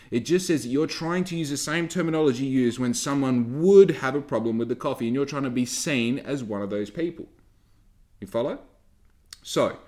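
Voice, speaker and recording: A man's voice: mid-range voice, darkish tone. A man ranting in a heated, sweary monologue, firing off rhetorical questions about coffee. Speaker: content creator, former barista.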